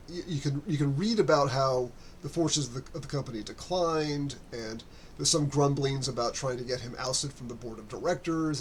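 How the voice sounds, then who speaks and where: A man's voice: mid-range voice, slight background noise. A man narrating as game master, rambling with many fillers and restarts.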